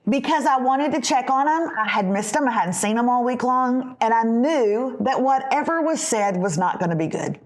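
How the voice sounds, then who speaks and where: Animated woman storyteller. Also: fairly high pitch, moderate pace, hardly any pauses. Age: 40s. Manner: animated, confiding, acts out the people in her stories. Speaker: podcast host. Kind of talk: casual storytelling chat.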